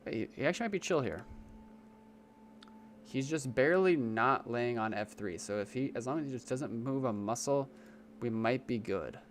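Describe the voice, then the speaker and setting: A man's voice: medium pitch, animated, normal speed, a little hiss or hum. A young man live-streaming a game from his home desk, chatting casually and pleading in exasperation with his cat. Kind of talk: casual live-stream chat while gaming. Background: game music.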